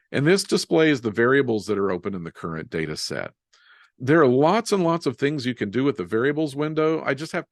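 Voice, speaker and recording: A man teaching a live software webinar, explaining each step as he types and joking about his own typos. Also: fairly low pitch, dry recording, studio quality. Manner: relaxed, self-deprecating, walks through steps while typing. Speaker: software instructor.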